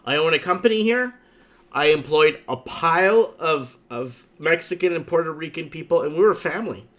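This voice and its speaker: A man hosts a casual livestream chat in a fairly high voice. He tells his stories emphatically and rambles, circling back to the same points with repeated asides. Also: normal speed, fairly bright tone. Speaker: livestream host.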